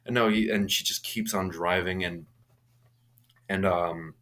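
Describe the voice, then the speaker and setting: A man's voice: low voice, steady tone, slow pace, pushed and bright. A young man casually retelling a horror movie's plot, rambling with frequent restarts and fillers. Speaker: movie reviewer.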